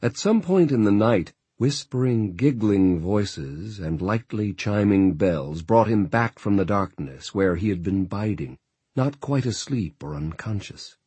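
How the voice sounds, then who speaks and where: A male narrator reads a novel in a steady, measured way. His voice sits very low and carries a husky grain. The sound is close and dry, as from a booth. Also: dry recording. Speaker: audiobook narrator. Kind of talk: scripted narration.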